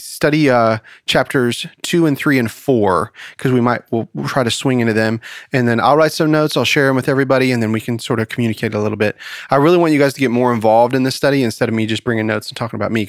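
A man hosting a Bible study podcast in an easygoing, rambling way. His voice sits at a middle pitch. The sound is close and dry, with no room echo. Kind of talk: casual chat and joke telling.

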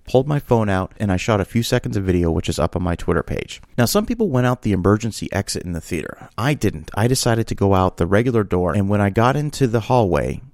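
A man hosting a podcast, telling a story as an animated, emphatic rant. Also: on the low side, no echo, studio quality. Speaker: podcast host.

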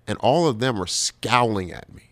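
Animated New comedian, low voice. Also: male voice, normal speed. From New York. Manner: animated storyteller, swears freely, acts out quotes. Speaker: comedian guest. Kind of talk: casual podcast chat.

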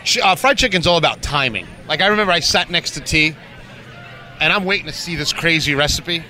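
A man's voice: fairly high pitch, expressive, a little fast, sharp tone. A man from New Jersey in a joking casual chat, cracking wise and laughing often. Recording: crowd chatter behind, outdoors.

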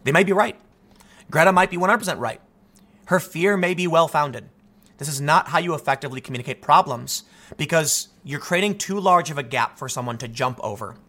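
A man delivers an opinionated commentary monologue in a bright, slightly high voice. He talks in an animated, argumentative way and keeps restarting his sentences. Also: fairly quick. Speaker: political commentator.

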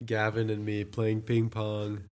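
A young man co-hosting a podcast, telling stories in a laughing, animated way with shrill imitations. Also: a little slow. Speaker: podcast co-host. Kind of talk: casual chat.

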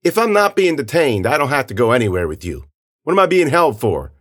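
A man voicing a mouthy, defiant teenage boy who protests loudly and indignantly. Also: mid-range voice, sing-song, fairly quick, pitched above the performer's own voice. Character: brash young male teen, mouthy and defiant.

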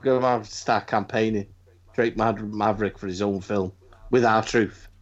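A man's voice: lowish voice, steady tone, normal speed. Male co-host, blunt and profane, stammers into rants; muffled lo-fi audio. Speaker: podcast co-host. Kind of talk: casual wrestling chat.

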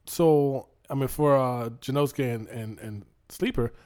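A man's voice: medium pitch, a little slow, a little mellow. A man in casual chat with friends, bantering in slang and often repeating his words.

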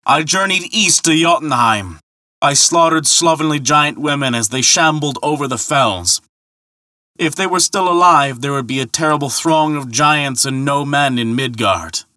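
A man doing a loud, blustering thunder god, higher and brighter. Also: moderate pace, no echo, studio quality. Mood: boastful. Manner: loud, indignant boasting. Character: boastful hot-tempered male thunder god.

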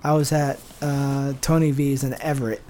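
A man's voice: medium pitch, level tone, moderate pace, mellow, a little hiss or hum. A man from San Diego, a stand-up comedian, chatting as a podcast guest in a loose, rambling way full of fillers and restarts. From San Diego, USA. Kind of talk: casual podcast chat.

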